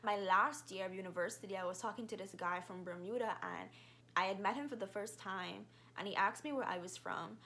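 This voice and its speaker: A young woman in her twenties with a Bahamian accent, telling stories quickly and animatedly in a casual vlog. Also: mid-range voice, slight background noise. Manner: fast-talking, animated storyteller.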